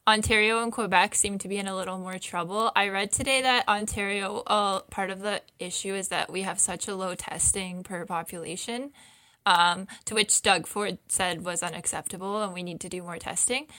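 A young Canadian woman co-hosting a casual chat, hesitant and full of fillers, quick to laugh. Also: mid-range voice, steady tone, sharp tone, no echo, studio quality. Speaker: podcast co-host.

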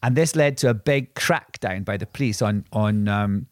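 A man's voice: on the low side, moderate pace, dry recording, studio quality. A man co-hosting a podcast, telling rambling anecdotes in casual chat with many restarts and asides. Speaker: podcast co-host.

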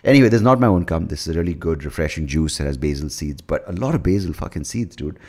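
A man's voice: rumbling low, animated, quick pace, darkish tone, husky. A hungover man, rambling and swearing through a casual solo podcast monologue. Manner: rambling, profane, self-mocking. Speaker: podcast host.

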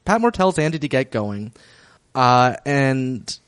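Male podcast co-host, animated pitch, dry close sound, wry recap delivery. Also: slow pace, smooth, dry recording. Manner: wry, laughs often, summarizes plot. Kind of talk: casual recap chat.

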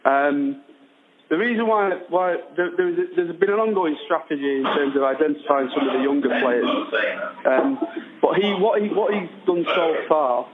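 A man calling in on a thin, phone-like line, his voice sitting a touch high. He talks casually and haltingly, often starting a phrase twice before finishing it. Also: a loud crowd. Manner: hesitant, many restarts. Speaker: guest fan on the phone. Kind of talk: casual chat.

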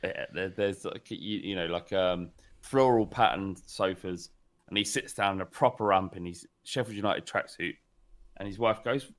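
A man's voice: low voice, normal speed. A young man co-hosting a football podcast, bantering with jokes and the odd swear word. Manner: joking, lively, swears. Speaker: podcast co-host.

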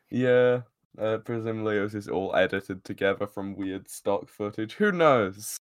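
A man's voice: fairly low pitch, measured pace, clear, resonant tone. A man in casual podcast chat, recapping an episode with frequent laughs, filler words and swearing. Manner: giggly, rambling, swears freely.

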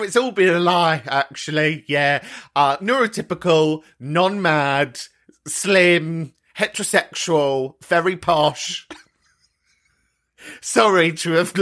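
Camp chatty podcast host. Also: male voice, fairly high pitch, pushed and bright. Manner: camp, chatty, sweary, laughs often. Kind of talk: casual chat.

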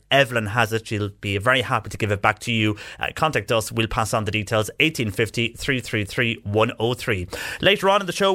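A man's voice: medium pitch, sharp tone, no room sound. A man hosting a local radio show, chatting and reading out listener texts from a studio mic. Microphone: studio microphone.

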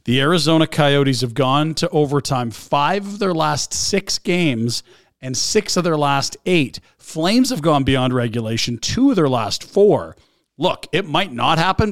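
A man breaks down hockey trades and betting odds, reeling off figures in a talkative way. His voice is slightly higher than most men's. The recording is dry and close. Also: dry recording. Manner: talkative analyst, rattles off trades and stats, laughs easily. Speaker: sports radio co-host. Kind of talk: hockey analysis chat.

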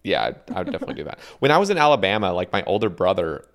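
Man, podcast host, very low voice, lively intonation, rambling casual chat. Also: rapid-fire. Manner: rambling, hesitant, with restarts and swearing.

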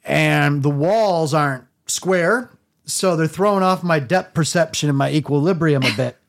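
A middle-aged man casually telling a long story on his own podcast, wry and laid-back, dropping to a low mumble when he quotes himself. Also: a little slow, creaky, no echo, clean studio sound. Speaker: podcast host.

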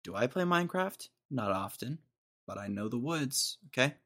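A man's voice: medium pitch, animated, normal speed, a bit bright. A young man in his twenties hosting a podcast, telling a rambling, jokey story in casual slang. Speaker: podcast host.

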